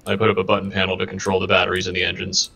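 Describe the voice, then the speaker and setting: A man playing a game with friends, calmly talking through tasks in a relaxed way. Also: deep voice, rapid-fire, gravelly, crowd noise. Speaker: co-player. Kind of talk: casual chat while playing a game.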